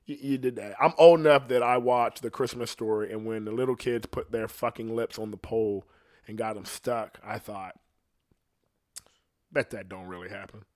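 Ranting loosely and profanely, a middle-aged man who hosts a podcast rambles from story to story, dropping into brief quoted voices along the way. His pitch is ordinary and mid-range, his intonation fairly even, and his tone a little mellow.

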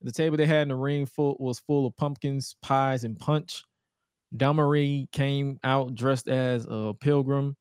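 Animated, profane man recapping wrestling. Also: mid-range voice, unhurried, clear, resonant tone, dry recording, clean studio sound. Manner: animated, profane recapping with mock-incredulous outbursts. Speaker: podcast co-host. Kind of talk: casual chat.

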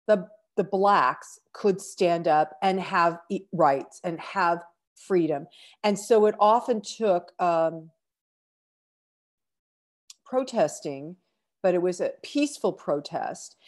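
A middle-aged woman speaks slowly and earnestly as she hosts an inspirational podcast. Her voice sits a little low, and it carries emotion, with sighs and broken-off phrases. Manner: slow, earnest, emotional, breaks off to sigh. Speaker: podcast host.

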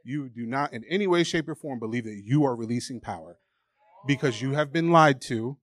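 A man's voice: medium pitch, brisk. A man preaching a sermon, emphatic and candid, reading scripture aloud and acting out the doubting voices people hear. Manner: emphatic, candid, acts out mocking inner voices.

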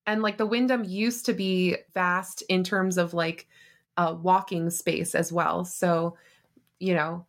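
A woman's voice: on the low side, little pitch movement, slow pace. A woman co-hosting a podcast, cheerful and chatty with frequent giggles. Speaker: podcast co-host. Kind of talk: casual chat.

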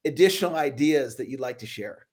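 A man's voice: medium pitch, animated, fairly quick, darkish tone. A man co-hosting a podcast, speaking in an upbeat, enthusiastic way as he hands over to his guest. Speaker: co-host. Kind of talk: podcast talk.

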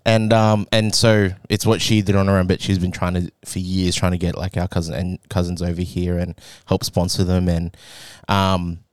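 A low-voiced young man chatting casually on a podcast. He rambles with lots of fillers and laughs through his stories. The mic is close and the sound is dry. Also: flat delivery, moderate pace, few pauses, clean tone, no echo. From Australia. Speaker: podcast co-host. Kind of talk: casual chat.

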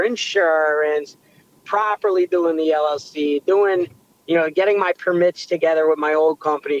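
Animated young man telling a story. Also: a little high, dry recording, lo-fi sound. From United States. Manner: animated, rambling with restarts. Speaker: pizzeria owner, guest. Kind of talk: casual storytelling interview.

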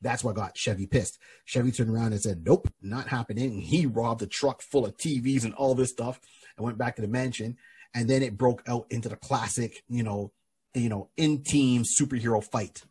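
A man's voice: medium pitch, normal speed, a little mellow, husky. A man hosting a podcast, casually and animatedly retelling a comic book story with many restarts. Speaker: podcast host. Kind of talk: casual chat.

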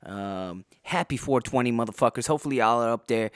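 A man's voice: medium pitch, a little fast, smooth, dry recording, clean studio sound. A man hosting a podcast, ranting heatedly and swearing constantly, with a sore throat and a worn-out voice. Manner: heavily profane, heated ranting. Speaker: podcast host. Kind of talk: angry podcast rant.

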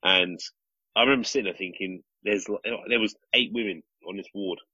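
A man with a very deep, husky voice tells a story in casual podcast chat. He rambles and restarts often, and his delivery stays animated. The recording is dry and a little dull, like a lo-fi mic. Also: brisk, no echo. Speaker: podcast co-host, father.

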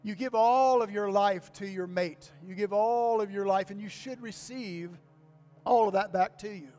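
A man's voice: high-pitched, moderate pace, darkish tone, faint music behind. An older man preaching to his congregation in a folksy manner, repeating key lines and asking for amens. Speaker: pastor. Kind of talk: sermon. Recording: long reverb of a church hall.

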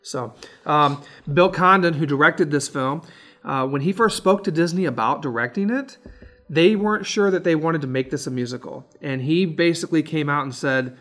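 Guy cohosting a movie chat, slightly high voice, laid back and rambly, lots of ums. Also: normal speed. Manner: relaxed, rambling, frequent fillers. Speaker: podcast co-host. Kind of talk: casual movie review chat.

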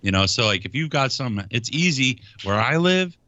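A man's voice: medium pitch, big pitch swings, moderate pace, bright, forceful tone, dry recording, lo-fi sound. A middle-aged man co-hosting a podcast in easygoing casual chat, joking and laughing often. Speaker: podcast co-host.

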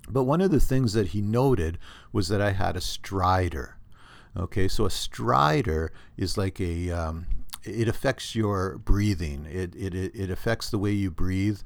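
Canadian guy with a real low voice rambling thru his podcast at home, dry close sound. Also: unhurried, gravelly, dry recording. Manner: rambling, opinionated, many restarts. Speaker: podcast host. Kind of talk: casual solo podcast monologue. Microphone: computer recording setup.

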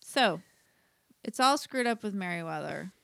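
A woman's voice: medium pitch, lively intonation, measured pace, gravelly, pushed and bright, no echo, studio quality. A woman co-hosting a podcast, chatting casually and laughing as she retells a sitcom episode. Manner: chatty, giggly, acts out lines from the episode. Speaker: podcast co-host.

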